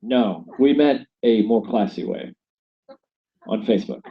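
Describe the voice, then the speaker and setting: A man's voice: on the low side, lively intonation, a little slow, vocal fry. A man from Saint Louis co-hosting a comedy podcast, dropping dry one-liners and laughing often, recorded inside a yurt. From Saint Louis, USA. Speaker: podcast co-host. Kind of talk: casual comedic chat. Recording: lo-fi, dull recording.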